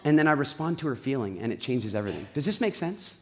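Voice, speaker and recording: A middle-aged man speaks from a stage in a large hall, with a long reverb trailing each phrase. He tells stories with animation and acts out quotes. He also slows down and guides his listeners through relaxation. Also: mid-range voice, very animated. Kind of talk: motivational stage talk.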